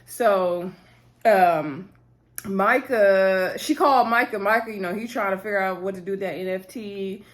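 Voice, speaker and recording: A woman's voice: mid-range voice, unhurried. A young woman talking casually to her viewers, chatty and full of fillers as she recaps a TV episode.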